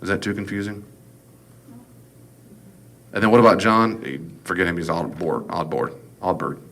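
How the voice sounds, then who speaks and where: A middle-aged man with a lilt lectures on scripture to a class. His voice sits low, and he keeps things casual and folksy, tossing in wry asides as he explains. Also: normal speed, fairly bright tone. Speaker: Bible teacher.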